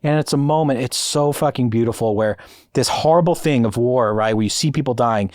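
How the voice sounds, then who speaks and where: A man co-hosting a casual podcast who talks in an animated way, swears freely and acts out scenes as he tells them. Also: mid-range voice, brisk, dry recording, studio quality. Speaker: podcast co-host.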